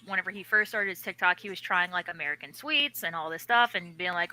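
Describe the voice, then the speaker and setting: A woman with a Missouri accent co-hosting a casual livestream, telling animated stories and acting out quotes. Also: mid-range voice, fairly quick, dry recording, low-quality recording. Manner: animated storyteller, acts out quotes. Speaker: co-host.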